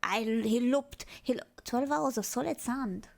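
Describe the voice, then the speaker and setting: A woman streamer reacting casually to videos, excitable and swearing, with many exclamations. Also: fairly high pitch, measured pace, creaky.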